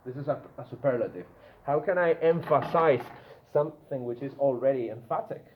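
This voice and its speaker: A man's voice: medium pitch, a little fast. Guy teaching grammar in a classroom, keeps saying yeah?, tinny phone-ish sound. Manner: checks in with the class, frequent "yeah?". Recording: echoey room, tinny phone-like sound, faint noise.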